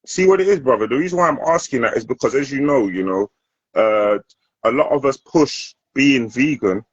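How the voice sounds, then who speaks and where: A man's voice: medium pitch, animated, normal speed, husky, no room sound, dull audio. A man hosting a casual discussion, asking earnest, probing questions and stressing his points with feeling. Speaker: host.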